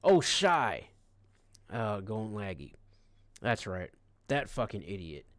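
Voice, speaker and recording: A man's voice: lowish voice, sing-song, slow, a bit bright, no room sound. A man streaming live, telling a rambling, profane story in an irritated, casual way. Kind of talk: casual livestream rant.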